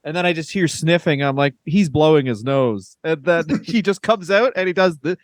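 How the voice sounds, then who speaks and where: A man's voice: a little high, moderate pace, no echo. A man co-hosting a podcast, telling a story in casual chat, swearing often and acting out the people in it. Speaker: podcast co-host.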